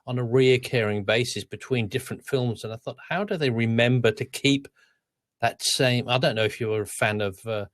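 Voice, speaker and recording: An Australian man co-hosting a relaxed weekly podcast, talking in long, rambling stretches full of restarts and trailing asides. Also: medium pitch, moderate pace, dry recording, clean studio sound. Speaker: podcast co-host. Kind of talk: casual chat.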